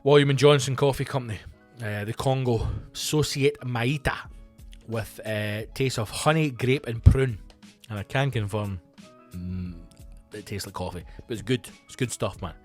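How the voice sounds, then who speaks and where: A Scottish comedian talks through a loose, profane solo podcast monologue, wandering off on asides and filling gaps with ums. His voice sits in an ordinary middle pitch. Faint music runs quietly under the talk. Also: normal speed. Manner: chatty and profane, rambling with fillers and asides.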